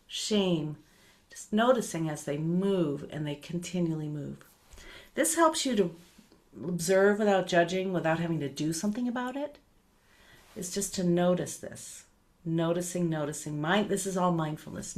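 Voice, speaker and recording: A middle-aged woman teaching meditation, speaking gently and unhurriedly, with soft repeated words that trail off quietly. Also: fairly low pitch.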